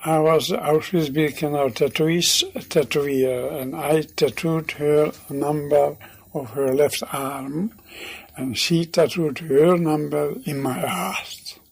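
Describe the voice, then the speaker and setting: An actor playing an elderly man, a former camp tattooist, speaking slowly and solemnly with a husky, gravelly voice. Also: fairly high pitch, steady tone, exaggerated voice, rough recording. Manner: slow, solemn, heartfelt. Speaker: elderly man recounting his past.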